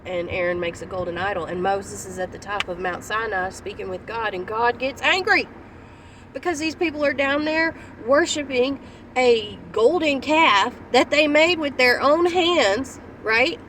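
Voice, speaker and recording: A woman evangelist retells scripture in a loose, chatty way, backtracking and adding asides as she goes. Her voice sits fairly high, and she is recorded outdoors, some way from the mic, with faint noise behind her. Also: a little slow, recorded from a distance. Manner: conversational, with restarts and asides. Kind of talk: casual retelling of a Bible story.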